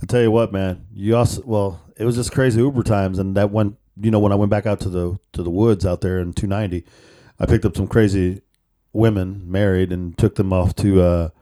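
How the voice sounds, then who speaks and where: A man, co-hosting a podcast, telling joking rideshare stories with sudden excited outbursts. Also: on the low side, a little fast. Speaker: podcast co-host. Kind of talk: casual storytelling chat.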